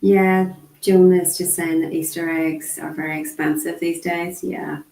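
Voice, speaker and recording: A woman voicing a casual online sign language lesson, chatty and unhurried, with frequent ums. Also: fairly low pitch, level tone, vocal fry, warm tone. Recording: echoey room.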